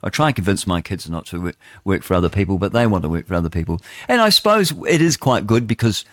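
Rambling New Zealand radio host, low voice. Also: male voice, very animated, fast talker, a bit bright, dry recording, clean studio sound. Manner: rambling, conversational, many asides and restarts. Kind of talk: opinionated talk radio monologue.

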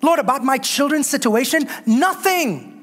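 A woman's voice: mid-range voice, moderate pace. Woman preacher exhorting her congregation. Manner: exhorting, calls on the congregation to respond; emphatic repetition of phrases. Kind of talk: sermon.

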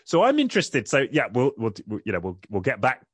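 A man's voice: medium pitch, wildly swooping pitch, fairly quick, a bit bright, husky, no echo. A man hosting a podcast interview, agreeable and thinking aloud with restarts. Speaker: podcast host. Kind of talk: conversational interview.

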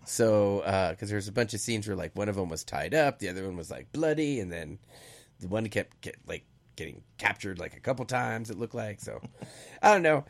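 A man with a lowish voice weighing in on a movie for a radio panel. He hesitates often, piling up fillers as he thinks aloud. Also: lively intonation, brisk, gravelly. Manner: hesitant, lots of ums and likes. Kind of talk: casual panel chat.

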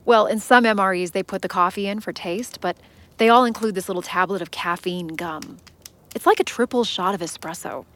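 A woman's voice: medium pitch, brisk, fairly bright tone, close to an everyday voice. An actress playing a smug, teasing young woman who talks playfully.

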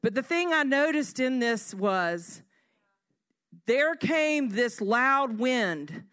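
A woman giving a devotional teaching in an earnest way, reading scripture slowly and at times dropping to a soft hush. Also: on the high side, lively intonation. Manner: earnest, slows down to read scripture. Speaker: speaker.

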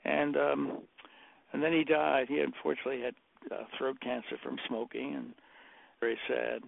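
An older man, a decorator telling rambling, animated anecdotes and acting out the quotes in a casual chat. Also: medium pitch, normal speed, vocal fry, dry recording. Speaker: interior decorator guest. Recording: dry tinny phone-like audio.

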